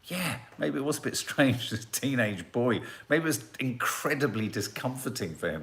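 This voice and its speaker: A man's voice: mid-range voice, animated, moderate pace, few pauses, fairly bright tone. A middle-aged man, hosting a casual live chat and musing as he reads out viewer comments.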